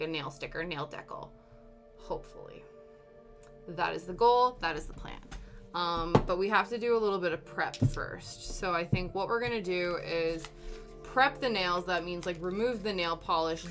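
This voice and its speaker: Bright-voiced chatty woman livestreaming. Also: medium pitch. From Canada. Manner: chatty, rambling, with frequent ums and laughs. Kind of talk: casual chat while doing nails. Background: soft background music.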